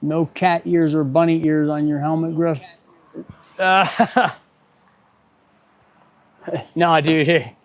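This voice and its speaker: A man's voice: a little high, fairly even intonation, slow, long pauses. A middle-aged man, an automotive technician, chatting casually on a livestream while he works, muttering and getting irritated, with dry jokes. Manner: muttering, easily irritated, joking. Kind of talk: livestream chat while working. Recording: dull lo-fi stream audio.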